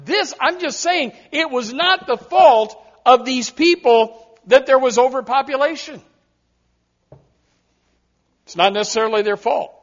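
High-voiced preaching man, dull recording. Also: unhurried, pauses often. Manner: emphatic preaching with repeated words and direct asides to the congregation. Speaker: pastor. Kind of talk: sermon.

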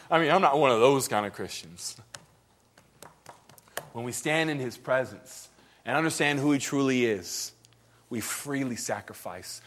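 A man preaching a sermon, swinging between loud emphatic peaks and hushed low lines, acting out the voices he quotes. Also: normal speed. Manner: animated, acts out quoted voices, laughs now and then.

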